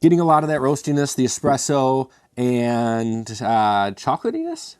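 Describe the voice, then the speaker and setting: A man's voice: medium pitch, very animated, normal speed, darkish tone, clean tone, no echo, studio quality. A man hosting a casual beer review, chatty and self-mocking with rambling asides.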